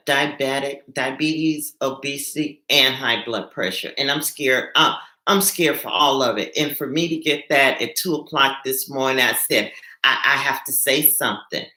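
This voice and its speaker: Slow, earnest woman in an echoey room. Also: extremely low pitch, pushed and bright. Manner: earnest, halting, repeats words when upset. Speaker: nurse hosting a live stream. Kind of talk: emotional live-stream talk to viewers. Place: home.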